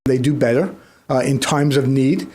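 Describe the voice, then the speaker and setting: A man's voice: medium pitch, steady tone, normal speed, mellow. A man talking as a guest in an interview, telling stories and repeating words as he starts his sentences. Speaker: guest, kindness program creator. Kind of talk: conversational interview storytelling.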